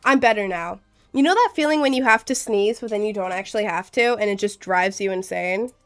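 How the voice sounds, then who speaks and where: A woman's voice: medium pitch, brisk. A young woman streaming live with a cold, chatting in a rambling, giggly way and reading out chat. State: has a cold.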